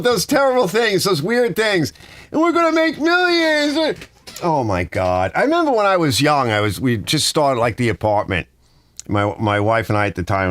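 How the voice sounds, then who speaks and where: Animated rambling man in a garage. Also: mid-range voice, no room sound, clean studio sound. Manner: rambling, animated storytelling with mimicked dialogue. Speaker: garage channel host. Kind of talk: casual livestream chat. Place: home garage workshop.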